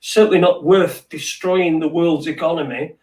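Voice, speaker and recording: A man's voice: a little high, fairly even intonation, normal speed, a little mellow. A man hosting a live online chat, speaking hesitantly with many ums and restarts. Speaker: host. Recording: roomy, distant from the mic.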